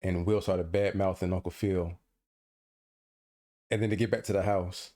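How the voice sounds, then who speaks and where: A man's voice: sits low, steady tone, moderate pace, warm tone. A man co-hosting a casual podcast, teasing his friend with mock outrage and playful banter over a call. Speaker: podcast co-host.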